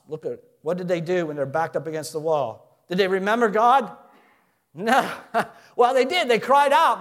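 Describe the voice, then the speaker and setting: A man preaching a sermon in an animated way, rising loud and then dropping quiet, asking his listeners questions. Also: on the high side. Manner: asks the audience questions. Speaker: pastor.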